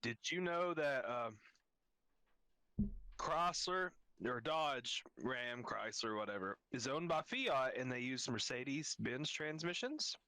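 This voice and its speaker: A man's voice: medium pitch, sing-song, slow, bright, forceful tone, dry recording. A man who works as a mechanic, a guest on a podcast, explaining car repair in a laid-back, matter-of-fact way with casual slang. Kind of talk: casual chat.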